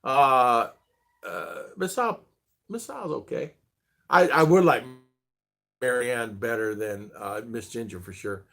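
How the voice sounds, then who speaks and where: A man's voice: medium pitch, animated, unhurried, gravelly, pauses often, fairly bright tone. A middle-aged man hosting a casual livestream chat, greeting viewers by name in a chatty way. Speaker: livestream host.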